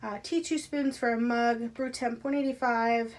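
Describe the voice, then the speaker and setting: A woman unboxing items at home in a casual, gushing way, often dropping to breathy whispers. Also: fairly high pitch, steady tone, moderate pace. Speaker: unboxing vlogger. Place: carpeted room at home.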